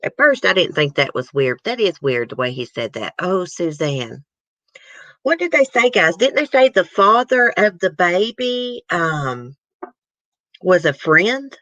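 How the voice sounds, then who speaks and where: Woman, chatty talk host, bright forceful voice, dry close sound. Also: lowish voice, sing-song, measured pace, dry recording. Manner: emotional, chatty, addresses viewers. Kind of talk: casual chat reacting to news clips.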